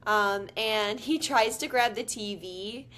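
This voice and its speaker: A woman co-hosting a podcast, casually recapping a film with relaxed ums and likes. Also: medium pitch, takes it slowly. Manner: easygoing storytelling with frequent ums and likes. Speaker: podcast co-host. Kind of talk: casual movie recap chat.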